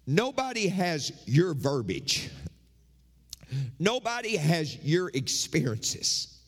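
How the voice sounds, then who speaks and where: Male pastor, emphatic sermon, slow deliberate delivery, long church hall echo. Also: a little high. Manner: emphatic, repeats phrases for effect.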